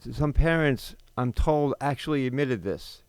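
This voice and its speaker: A man in his fifties holds forth in an indignant, rambling monologue, firing off rhetorical questions and restarting his sentences. His voice is smooth and resonant, recorded close and dry with no room sound. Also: medium pitch, moderate pace, darkish tone, no room sound. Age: 50s. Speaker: podcast host. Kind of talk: unscripted monologue.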